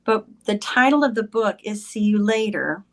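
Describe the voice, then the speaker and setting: A woman's voice: mid-range voice, normal speed. A woman talking as a podcast guest, telling a personal story in a conversational way and often saying "like" and "he goes".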